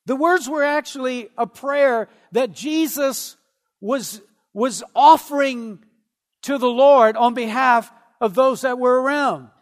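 A man preaching a sermon in a slow, earnest way, with dramatic pauses. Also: very high-pitched, big-room sound. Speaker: pastor.

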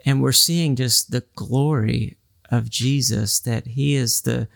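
Gravelly-voiced man explaining scripture. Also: mid-range voice, fairly even intonation, slow, no echo, clean studio sound. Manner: explanatory, quotes scripture at length. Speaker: podcast co-host discussing scripture. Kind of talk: casual Bible study discussion.

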